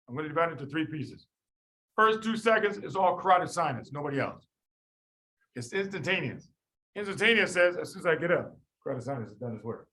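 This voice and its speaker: A man teaching a live medical review class, quizzing students and talking through the reasoning in an animated way. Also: high-pitched, poor audio. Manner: animated, quizzes students, quick asides with sudden quiet drops. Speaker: medical board review lecturer.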